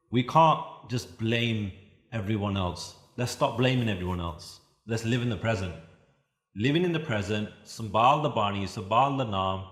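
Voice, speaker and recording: A man telling a scripture story as a sermon, chanting verses in a drawn-out voice. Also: fairly low pitch. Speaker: Sikh preacher. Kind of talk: katha sermon. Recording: echoey room.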